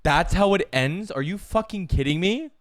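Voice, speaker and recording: A man's voice: sits high, expressive, normal speed. A male streamer reacting casually to videos at a watch party, incredulous and swearing freely.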